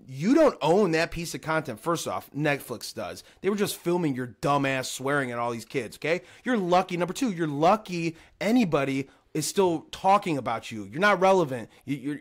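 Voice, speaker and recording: Ranting podcast host. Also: male voice, a little high. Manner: heated, ranting, profane. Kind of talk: casual podcast chat.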